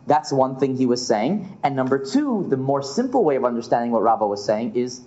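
Animated rabbi teaching a Talmud class. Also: male voice, mid-range voice, moderate pace, few pauses. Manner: animated, acts out the sages' questions in sing-song. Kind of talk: lively Talmud class lecture. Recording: muffled lo-fi classroom recording.

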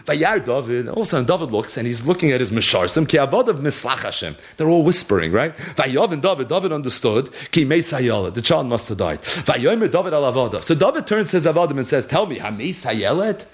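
A man giving a Torah lesson, reading verses and translating them line by line in an animated storytelling manner, acting out quotes with sudden exclamations. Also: medium pitch, fast talker, hardly any pauses. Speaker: Torah teacher.

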